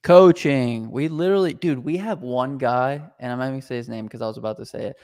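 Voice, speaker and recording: A man co-hosting a casual business podcast, energetic and loose, calling people dude. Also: medium pitch, fast, dry recording, studio quality. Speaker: co-host.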